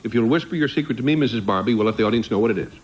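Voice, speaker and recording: A man's voice: medium pitch, lively intonation, racing. A man hosting a television game show, genial and joking as he questions his guests. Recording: dull 1970s TV studio audio with audience noise.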